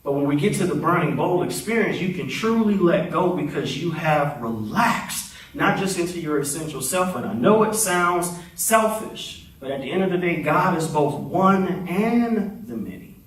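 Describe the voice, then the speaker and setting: A man's voice: a little high, expressive, moderate pace, few pauses, distant mic. A man minister giving a talkative, playful sermon, leading the congregation in call-and-response. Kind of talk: conversational sermon. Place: church sanctuary. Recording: echoey sanctuary, voice heard from afar.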